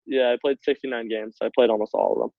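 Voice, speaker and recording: A man's voice: medium pitch, very fast, creaky, no room sound. Young man laughing through a story, phone-line sound. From Canada. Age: young adult. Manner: laughs often while telling stories, relaxed, filler-heavy. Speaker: guest, hockey player. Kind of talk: casual storytelling. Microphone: call over internet. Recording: tinny phone-like line, dry.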